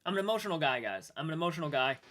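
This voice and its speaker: A man streaming live and chatting with viewers, emotional and halting, restarting sentences and swearing now and then while sounding shaken. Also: fairly high pitch, sing-song, a bit bright. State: shaken and upset. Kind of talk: livestream chat with viewers.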